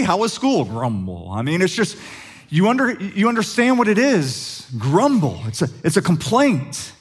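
A man preaching a sermon as pastor, conversational and humorous, asking the congregation questions. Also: medium pitch.

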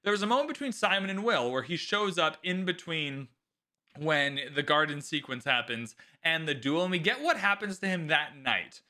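A man's voice: on the high side, animated, moderate pace, sharp tone. A man hosting his own podcast, chatting casually and animatedly and swearing freely. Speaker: podcast host. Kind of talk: casual solo podcast talk.

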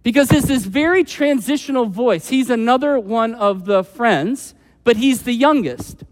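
A man preaching a sermon as pastor, conversational and animated, acting out quoted voices with frequent asides. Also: very high voice, a little slow, long reverb tail.

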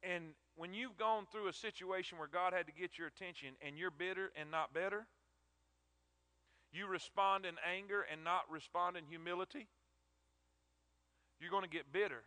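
A man's voice: high voice, moderate pace, long pauses, sharp tone, no room sound. A man preaching a sermon in an emphatic, emotional way, often repeating his words.

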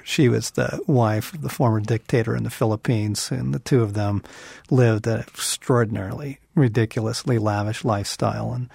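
A middle-aged man co-hosting a Christian podcast, talking earnestly and swinging from quiet musing to emphatic bursts. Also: medium pitch, vocal fry, husky, dry recording, clean studio sound. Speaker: podcast co-host.

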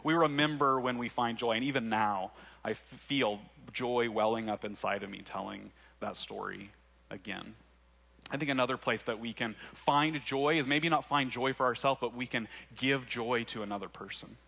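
Conversational young preacher. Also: male voice, medium pitch, moderate pace, vocal fry, pushed and bright, highs cut off. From Arkansas. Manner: conversational, laughing asides, many fillers. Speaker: pastor. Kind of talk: sermon.

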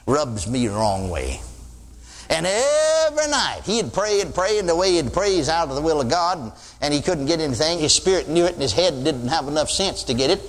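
A man's voice: a little high, lively intonation, a little fast, few pauses. An older man preaching a sermon in a folksy storytelling way, mimicking another pastor's sing-song praying. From Texas. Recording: long reverb of a church hall.

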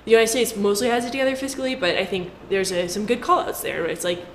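A woman's voice: medium pitch, fast talker. Chatty woman in an echoey room. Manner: chatty and jokey, with playful asides. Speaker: finance commentator. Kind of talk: casual explainer talk to camera. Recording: roomy echo with faint background noise.

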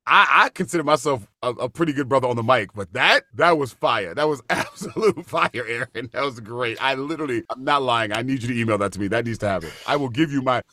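A man's voice: mid-range voice, fast, hardly any pauses, sharp tone, no echo. A man talking as a guest in an interview, effusive and emphatic, repeating himself for emphasis. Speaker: guest actor. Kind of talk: casual interview chat.

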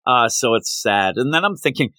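A man's voice: mid-range voice, animated, normal speed, bright, forceful tone, dry recording. A man co-hosting a podcast, chatting casually and animatedly as he retells scenes from a comic chapter. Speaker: podcast co-host. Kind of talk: casual chat recapping a manga chapter.

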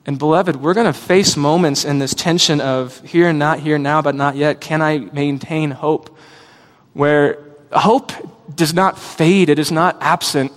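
A man's voice: a little high, fairly even intonation, unhurried. A man preaching a sermon as a pastor, earnest and reflective, telling personal stories. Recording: long hall reverb.

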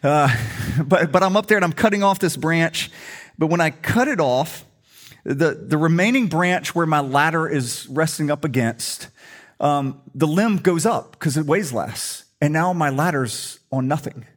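A man's voice: on the high side, a little slow. A middle-aged male pastor preaching a sermon in a humorous, conversational storytelling way.

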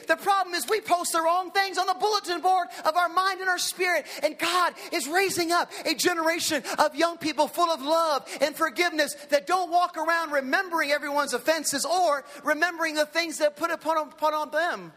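High bright-voiced preacher guy, animated storytelling sermon, big hall echo. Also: a little fast, few pauses. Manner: animated, impersonates characters in his stories. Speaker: pastor. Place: large hall with an audience. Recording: long hall reverb.

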